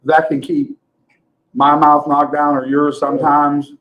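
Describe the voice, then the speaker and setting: A man's voice: fairly high pitch, level tone, measured pace, muffled recording. A man co-hosting a podcast, chatting casually, teasing his co-hosts and laughing often with rambling restarts. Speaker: podcast co-host. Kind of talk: casual chat.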